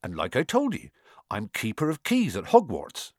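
A man voicing a huge, gruff male giant who talks in blunt, folksy dialect in a storybook reading. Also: medium pitch, wildly swooping pitch, moderate pace, no room sound, clean studio sound. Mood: matter-of-fact.

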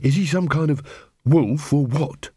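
A man's voice: fairly high pitch, measured pace, warm tone, slightly rough, no room sound, clean studio sound. A man voicing a young woman who is secretly a wolf, skeptical and growling.

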